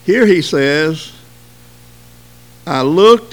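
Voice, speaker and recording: A man preaching a sermon at an unhurried, measured pace. His voice sits a little higher than most men's, and he leans into key words with slow emphasis. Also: expressive. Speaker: pastor.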